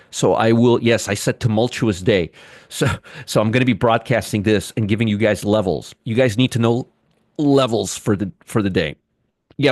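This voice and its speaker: A man's voice: lowish voice, darkish tone, no echo, clean studio sound. Emphatic man talking through market charts. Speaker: market commentary host. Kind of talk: casual trading analysis monologue.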